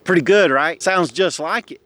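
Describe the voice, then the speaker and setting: A man chatting casually on an outdoor vlog, hushing and coaxing while he walks and sits to listen for birds. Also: on the high side, moderate pace, heavy background noise. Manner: hushed, coaxing, folksy. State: a bit out of breath. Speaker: vlogger. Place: outdoors in woods.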